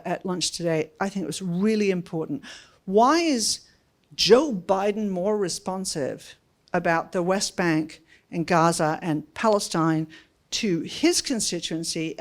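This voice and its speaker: A woman giving a policy talk to an audience in a lecture room, animated and conversational, often checking in with "right?". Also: fairly low pitch. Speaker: guest speaker.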